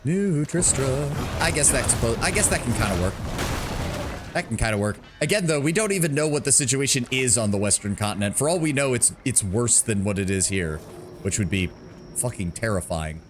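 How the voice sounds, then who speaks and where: A man's voice: mid-range voice, expressive, brisk, a little hiss or hum. A man streaming a game live, rambling casually to himself and his viewers and swearing now and then. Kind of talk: casual live gameplay commentary. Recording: loud game music behind the voice.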